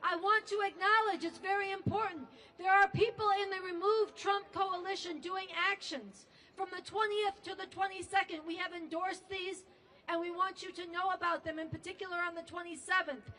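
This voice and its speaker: High, bright-voiced woman organizing a rally. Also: fairly even intonation, recorded from a distance. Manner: brisk, announcing dates and introducing acts. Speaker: protest organizer. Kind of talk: rally speech. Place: outdoor protest rally.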